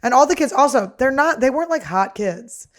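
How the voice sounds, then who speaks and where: A woman's voice: high voice, lively intonation, brisk. A woman hosting a comedy podcast, ranting casually in a crude, sarcastic way. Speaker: podcast host.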